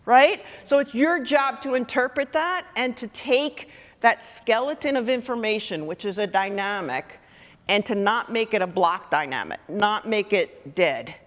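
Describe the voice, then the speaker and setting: A woman clinician coaching a student wind band in rehearsal, lively and full of questions to the players. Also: medium pitch. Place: large theatre stage. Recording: long hall reverb.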